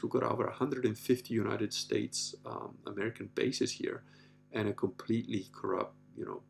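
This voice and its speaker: A man's voice: fairly low pitch, vocal fry, darkish tone, husky. A man hosting a casual livestream, reading out viewer comments and rambling on in a profane, offhand way with lots of filler words. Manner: rambling, profane, full of "you know" and "like".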